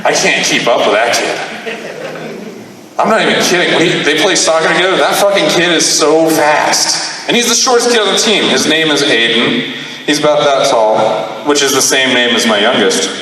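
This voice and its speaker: Stand-up comic, man in his thirties, profane and animated, heard in a very echoey room from a distance. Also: on the high side, normal speed. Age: 30s. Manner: profane, animated, acts out dialogue. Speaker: stand-up comedian. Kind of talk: stand-up comedy storytelling. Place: live comedy venue. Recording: echoey room, mic far off.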